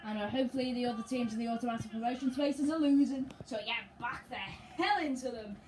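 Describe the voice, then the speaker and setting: A woman commentating casually and excitably on her own football video game as she plays. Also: fairly high pitch, fast talker, slight background noise. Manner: chatty and excitable, talking to herself over gameplay. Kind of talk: let's play commentary.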